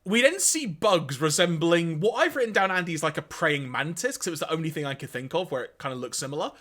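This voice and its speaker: Bright, lively man recapping episodes. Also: fairly high pitch, fast talker. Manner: reads quotes aloud in put-on voices, laughs often. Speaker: podcast co-host. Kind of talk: casual podcast recap.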